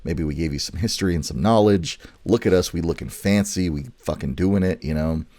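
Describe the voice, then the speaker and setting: A man co-hosting a casual podcast, excitable and swearing freely, a little tipsy from wine. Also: low voice, a little fast, no room sound. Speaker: podcast co-host. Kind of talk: casual chat.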